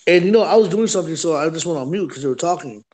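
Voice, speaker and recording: Livestream guy chatting, kinda high voice, acts out what people said, keeps going "right? bro". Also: very fast. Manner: animated, acts out quotes, says "right?" and "bro" often. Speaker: livestream host. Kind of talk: casual storytelling chat.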